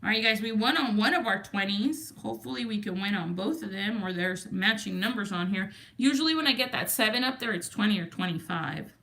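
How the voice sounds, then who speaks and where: A woman's voice: medium pitch, a little fast, hardly any pauses, a bit bright. A woman with a Texan accent hosting a livestream, chatting casually and greeting viewers from the chat. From Texas. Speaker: livestream host.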